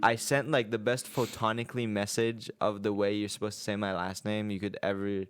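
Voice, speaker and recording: A young man co-hosting a podcast, talking in a relaxed, rambling way with many fillers. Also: fairly low pitch, a little fast. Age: young adult. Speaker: podcast co-host. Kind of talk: casual chat.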